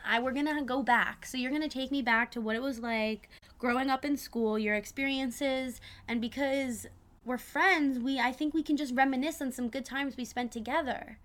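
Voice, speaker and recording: A young woman hosts her podcast in a casual, chatty way. Her voice sits a little high. She rambles, restarts her sentences and laughs at herself as she goes. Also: fairly even intonation, moderate pace, fairly bright tone. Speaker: podcast host.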